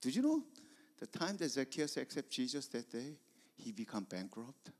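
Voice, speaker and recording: A man preaching a sermon, telling stories that swing from hushed whispers to loud emphasis. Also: medium pitch, sing-song, normal speed. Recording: long hall reverb.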